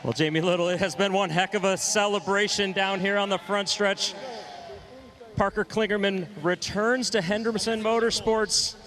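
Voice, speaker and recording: A man's voice: high-pitched, steady tone, normal speed, fairly bright tone. A man reporting energetically from the front stretch. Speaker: pit reporter. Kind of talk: trackside reporting.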